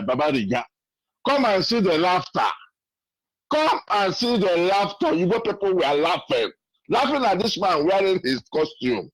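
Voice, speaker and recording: A man's voice: a little high, dry recording, low-quality recording. A man from Nigeria with a Nigerian accent, calling in to a radio show and telling a story earnestly, repeating his phrases. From Nigeria (Imo State). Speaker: caller. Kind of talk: call-in testimony, storytelling. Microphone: phone call.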